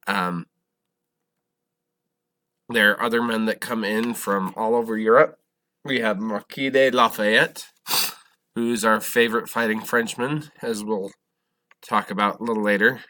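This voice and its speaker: A man teaching a history class, lecturing in a halting way, correcting himself and asking the class questions. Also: lowish voice, steady tone, pushed and bright.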